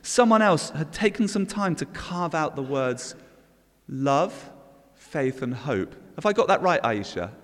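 A man's voice: on the high side, sing-song, a little slow. A man preaching an all-age sermon in a church, leading the congregation in call and response. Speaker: pastor. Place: church hall. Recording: long church reverb.

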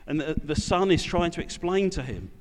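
A man preaching a sermon, talking in a relaxed, conversational way and putting questions to the congregation. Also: fairly high pitch, normal speed. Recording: long hall reverb.

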